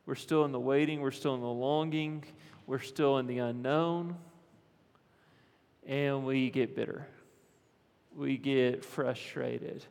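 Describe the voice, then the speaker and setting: A man preaches a sermon in a slow, unhurried delivery, his voice gravelly with fry. He is earnest, often repeats phrases and checks in with the congregation. A long reverb from a large hall trails his words. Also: medium pitch, steady tone, darkish tone. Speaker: pastor.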